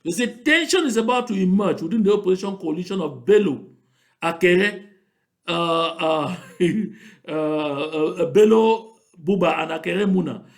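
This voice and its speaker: A man's voice: high-pitched, lively intonation, measured pace, roomy sound. A man speaking Cameroonian Pidgin English, giving mocking, emphatic political commentary and repeating points for stress.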